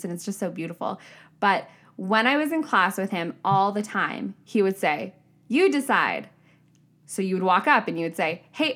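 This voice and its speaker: Young woman podcast host, solo reflective monologue, candid and casual, animated when quoting. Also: mid-range voice. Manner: candid and casual, frequent swearing and "like"; animated, shifting pace, upward bursts when quoting herself.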